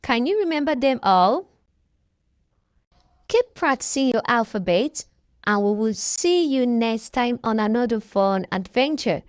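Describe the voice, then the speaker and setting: A woman's voice: on the high side, expressive, measured pace, dry recording. A woman narrating an alphabet lesson for toddlers, prompting them to repeat each animal word. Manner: prompting listeners to repeat words. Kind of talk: slow scripted narration for toddlers.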